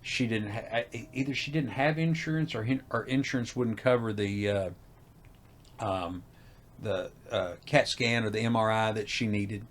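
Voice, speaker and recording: Guest, middle-aged man, low voice, animated storyteller who acts out quoted lines. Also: normal speed. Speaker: haunted house owner, guest. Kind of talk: storytelling interview.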